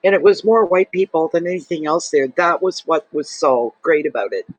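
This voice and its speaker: A man's voice: a little high, animated, normal speed, breathy edge, no echo, rough recording. A man, a tarot reader and channel host, talking to camera in an emotional, rambling, heartfelt way. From Saint John, New Brunswick, Canada. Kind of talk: casual personal monologue to camera.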